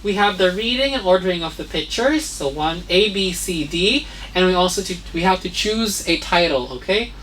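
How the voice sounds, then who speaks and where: A woman's voice: lowish voice, lively intonation, normal speed, fairly bright tone, a little hiss or hum. A woman teaching young learners vocabulary, spelling each word letter by letter and checking in with "okay?" and "right?". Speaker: English teacher. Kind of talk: children's vocabulary lesson.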